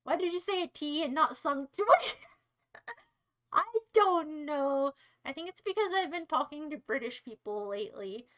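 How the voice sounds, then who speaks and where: Young american woman rambling at her stream chat, teasing and sassy, high voice. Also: lively intonation, normal speed, a bit bright, low-quality recording. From United States. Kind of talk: casual livestream chat to viewers.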